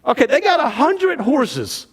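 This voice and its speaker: A man giving a dramatic, animated storytelling talk on history to an audience. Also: very high-pitched, measured pace. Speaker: history speaker.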